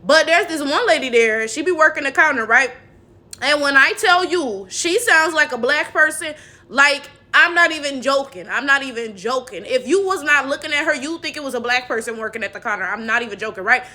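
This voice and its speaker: High, bright-voiced sassy woman commentator. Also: brisk. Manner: animated, sassy, laughing asides. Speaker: commentary video host. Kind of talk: reaction commentary.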